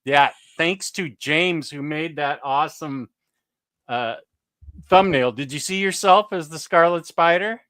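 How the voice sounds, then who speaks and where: A man's voice: on the high side, unhurried, a bit bright, no echo, studio quality. A man hosting a livestream, greeting viewers in loose, chatty talk with frequent laughs. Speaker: livestream host. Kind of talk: casual chat.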